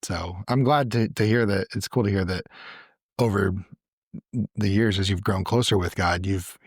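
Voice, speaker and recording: A man's voice: fairly low pitch, moderate pace, no echo, studio quality. A man hosting a casual church interview, affirming his guest and explaining doctrine with lots of restarts and repeated words. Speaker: church podcast host, interviewer.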